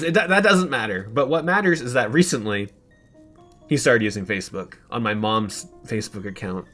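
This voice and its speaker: A man's voice: lowish voice, fairly bright tone. Chatty young male streamer. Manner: rambling, chatty, laughs often. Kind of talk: casual chat while playing a game.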